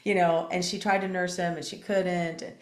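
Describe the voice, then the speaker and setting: Older woman host, low voice, echoey room. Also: flat delivery, normal speed. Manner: rambling, many fillers and restarts. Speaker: podcast host. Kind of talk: casual interview chat.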